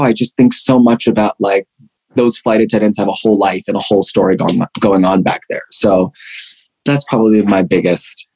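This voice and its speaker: A man's voice: fairly low pitch, darkish tone. A young man from Pittsburgh, an actor, chatting casually in an interview, rambling with lots of fillers and restarts. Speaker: actor guest.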